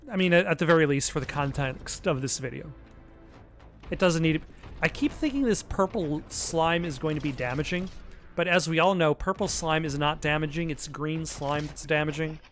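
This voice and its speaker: A man's voice: on the high side, a bit bright, slight background noise. A man giving casual gameplay commentary, rambling and self-deprecating with lots of hesitant restarts. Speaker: let's play commentator.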